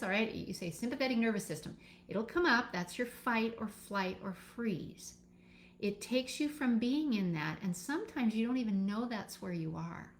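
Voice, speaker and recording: A woman teaching a live session as a birth educator, calm and instructive, guiding listeners step by step with pauses. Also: fairly high pitch, a little hiss or hum.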